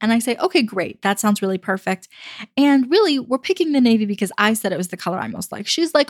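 A woman's voice: on the high side, big pitch swings, fast talker, no echo, clean studio sound. A young adult woman giving dating advice in a chatty, casual monologue, often acting out what people say. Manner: chatty, acts out quoted voices, fillers like "you know". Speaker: dating coach.

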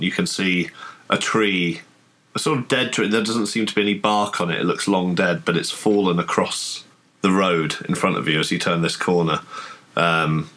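A man's voice: low voice, bright, forceful tone, poor audio. A man narrating a tabletop horror game as game master, hesitant, with many fillers and restarts.

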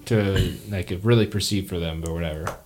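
A man narrating as game master of a tabletop role-playing game, in a relaxed, chatty way with fillers. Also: low-pitched, fairly quick.

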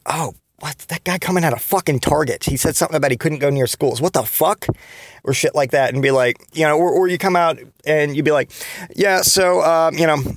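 A man in his thirties with a mid-range pitch talks through a casual solo podcast, loose and profane. He rambles with restarts and jumps his voice up to mimic other people's startled replies. The sound is dry and close, with no room behind it. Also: no room sound. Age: 30s. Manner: rambling and profane, acting out quoted reactions in a higher voice. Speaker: podcast host.

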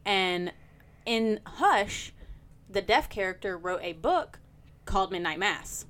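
A woman's voice: medium pitch, lively intonation, slow pace, fairly bright tone. A woman guesting on a casual podcast, chatty and giggly, drifting into tangents. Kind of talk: casual chat.

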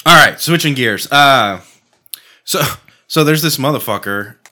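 A man's voice: mid-range voice, expressive, unhurried, pushed and bright. A man co-hosting a casual podcast chat, rambling, swearing and laughing often. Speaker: podcast co-host.

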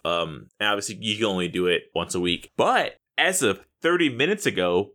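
A man hosting a casual gaming podcast, animated and profane. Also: mid-range voice. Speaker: podcast host.

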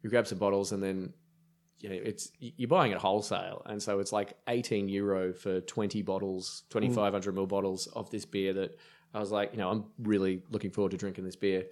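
Low-voiced Australian man telling stories. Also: level tone, fairly quick, a little mellow. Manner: rambling, filler-heavy anecdotes. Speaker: brewer guest. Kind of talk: casual podcast storytelling.

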